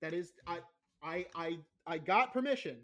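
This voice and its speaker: Bright, high-voiced young man ranting. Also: moderate pace. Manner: profane, rambling, excitable. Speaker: podcast host. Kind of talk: casual podcast banter.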